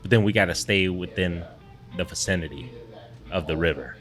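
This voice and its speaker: A man's voice: sits low, moderate pace, a bit bright, faint music behind. A man co-hosting a fishing podcast from a brewery, chatting casually with a rambling, laid-back manner. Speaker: podcast co-host. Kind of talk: casual chat. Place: brewery taproom.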